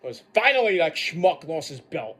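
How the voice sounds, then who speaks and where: Animated, swearing man ranting a review. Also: fairly high pitch, normal speed, a little hiss or hum. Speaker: wrestling show reviewer. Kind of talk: casual profane rant.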